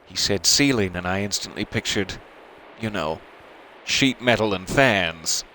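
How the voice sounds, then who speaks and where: A low-voiced man hosts a let's play of a narrative game, reading its text aloud in an expressive, up-and-down delivery. He breaks off now and then for dry, self-mocking remarks. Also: a little slow, a little hiss or hum, poor audio.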